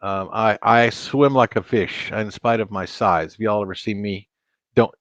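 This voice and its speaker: A man's voice: on the low side, steady tone, a little slow, fairly bright tone, no echo, muffled recording. Chatty man hosting a live stream. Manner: rambling, chatty, stammers and restarts. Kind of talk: casual live-stream chat. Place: home studio at a computer.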